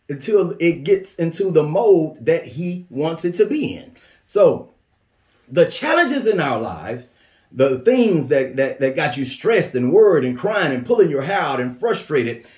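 Animated preaching man in an echoey room. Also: a little high. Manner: rhythmic call-and-response preaching, repeats phrases. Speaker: pastor. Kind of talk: sermon. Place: church.

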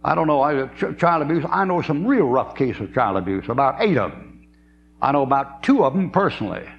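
Here a mid-range, sing-song voice with vocal fry moves at a brisk clip. The speaker is a man in his seventies delivering a folksy, story-filled sermon with frequent laughter and drawling asides. A faint hum runs under the dull lo-fi tape.

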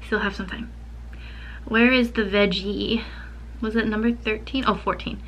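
A woman's voice: mid-range voice, a little slow, fairly bright tone. A woman chatting casually to camera in a home vlog, filling her talk with "like". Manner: chatty, says "like" a lot. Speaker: vlogger. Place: home office.

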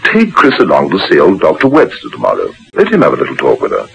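A man's voice: very deep voice, wildly swooping pitch, quick pace, vocal fry, a bit bright, a little hiss or hum, full character voice. A man playing a cheerful young husband in a dated radio drama, teasing and reassuring his worried wife. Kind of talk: 1950s radio drama acting. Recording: dull old radio recording.

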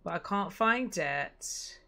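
A woman streams a video game and chats freely with her audience. Her talk is loose and full of swearing and quick laughs. Her voice has a bright, forceful edge. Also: lowish voice, lively intonation. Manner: profane, chatty, laughs easily. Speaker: gaming streamer. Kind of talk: casual gameplay commentary.

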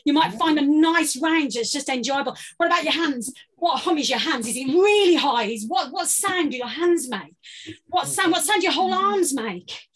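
A British woman leading a guided vocal warm-up workshop, giving playful, encouraging instructions. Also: high-pitched. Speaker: voice workshop leader.

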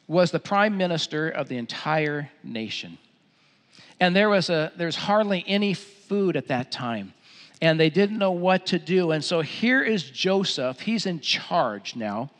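A middle-aged man preaching a sermon as pastor in a church auditorium, telling stories in an animated way and repeating phrases. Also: a little high. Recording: long hall reverb.

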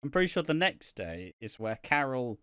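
A man in casual podcast chat, talking with a smooth, resonant voice that sits in the middle of the male range. He swears freely and laughs as he recaps, slipping into the characters' lines. The sound is close and dry. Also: medium pitch, very animated, normal speed, pushed and bright, dry recording. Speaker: podcast co-host.

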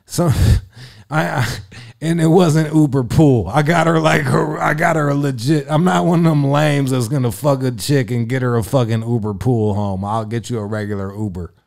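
A man's voice: medium pitch, fairly even intonation, moderate pace, creaky, a little mellow. A man who works as a radio personality, telling crude stories as a guest in a profane, rambling, swaggering way. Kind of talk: crude casual storytelling.

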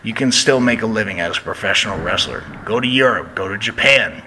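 A man's voice: lowish voice, fairly quick, bright, forceful tone, a little hiss or hum, poor audio. A man, a professional wrestler, telling stories as a guest in a casual interview, with lots of "you know" fillers.

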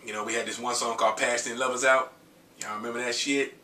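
A man's voice: mid-range voice, level tone, fast, sharp tone, reverberant, far from the mic. A man in his thirties, an R&B singer, chatting casually and profanely while getting over a cold. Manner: loose, profane, joking chat between sung snippets. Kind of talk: casual vlog with singing.

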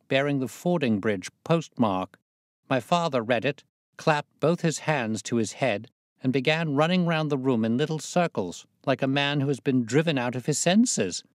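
A man narrating a classic story aloud in a steady, measured reading voice. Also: medium pitch, no echo, studio quality.

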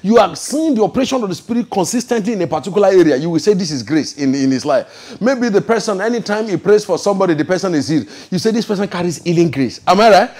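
High-pitched emphatic male preacher. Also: lively intonation. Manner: emphatic, repeats "ladies and gentlemen", asks the crowd if they follow; swings between fast rushes and slow drawn-out proclamations. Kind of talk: preaching sermon with prophetic declarations.

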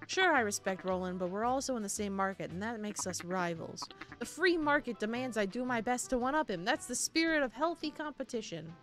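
A woman's voice: a little high, animated, fairly quick, hardly any pauses, fairly bright tone, faint music behind. A woman voicing a cocky young crab trader with a smug, know-it-all manner.

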